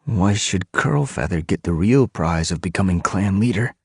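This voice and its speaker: Anxious young tom cat for an audiobook, high and jittery, voiced by a man. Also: animated, normal speed, vocal fry, husky, dry recording, clean studio sound, exaggerated voice. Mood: resentful. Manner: stammering, anxious.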